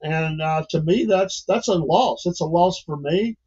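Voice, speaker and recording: A man's voice: fairly high pitch, a little slow, darkish tone, husky, highs cut off. An older man hosting a livestream, talking in a rambling, folksy way and chuckling often. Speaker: livestream host. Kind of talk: casual livestream monologue.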